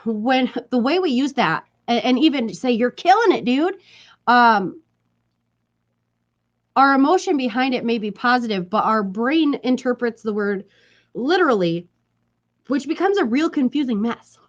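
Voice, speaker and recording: A woman's voice: fairly high pitch, animated, measured pace, lo-fi sound. A woman talking casually to her viewers, chatty and emphatic, repeating her points and laughing between them. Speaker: vlogger. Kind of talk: casual talk to camera.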